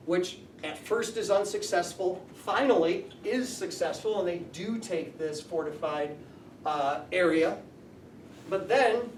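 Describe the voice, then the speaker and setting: Male teacher lecturing, high-pitched, picked up from across an echoey classroom. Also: distant mic, slight background noise. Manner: explanatory, asks the class questions. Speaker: high school history teacher.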